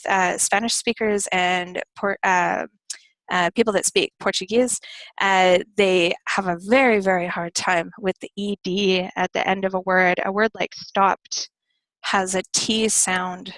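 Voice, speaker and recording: A woman teaching English pronunciation in a relaxed live online lesson, explaining step by step with frequent fillers. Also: medium pitch, no echo, low-quality recording.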